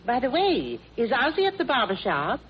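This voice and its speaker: A woman's voice: a little high, wildly swooping pitch, moderate pace. An actress playing a nosy female neighbor who gossips in a chatty, insinuating way, in 1950s radio sitcom style. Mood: gossiping. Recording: muffled old radio broadcast with faint hiss.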